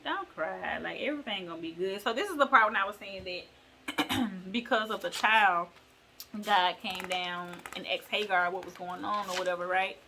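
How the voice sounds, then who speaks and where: Chatty woman with a bright voice. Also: medium pitch, fairly even intonation, moderate pace, slight background noise. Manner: chatty, slangy, digressive. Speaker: vlogger. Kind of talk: casual bible retelling.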